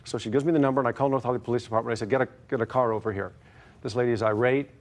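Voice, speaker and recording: A middle-aged man telling his story in court, halting and full of fillers. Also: mid-range voice, fairly even intonation. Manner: hesitant, halting, many fillers. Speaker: plaintiff. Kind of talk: testimony in court.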